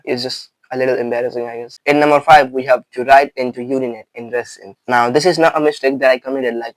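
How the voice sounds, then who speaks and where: A man's voice: mid-range voice, no room sound, low-quality recording. A man who is not a native English speaker, chatting casually to camera as a language-learning vlogger and rambling with many fillers.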